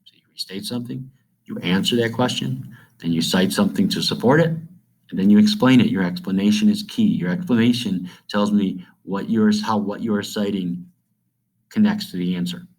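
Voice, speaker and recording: A man with a notably low voice walks students through a review lesson. He talks in a plain, conversational way, stopping often with "um" and "okay?" to check they follow. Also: normal speed, a little mellow, rough recording. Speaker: teacher.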